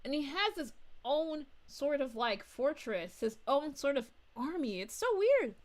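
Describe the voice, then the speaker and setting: A bubbly young princess, played by a woman, chats with her stream, giggling and gushing as she reads out messages. Her voice sits high and swoops up and down. She takes her time between lines. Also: sing-song, unhurried. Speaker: VTuber streamer. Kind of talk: livestream chat reading.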